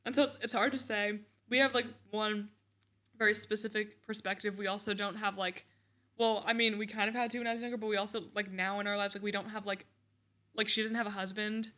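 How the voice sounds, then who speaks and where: Bright-voiced young woman, chatty and opinionated. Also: mid-range voice, fairly even intonation, brisk. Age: young adult. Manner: chatty, filler-heavy opinionated ranting. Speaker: co-host, daughter of the other host. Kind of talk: casual podcast chat.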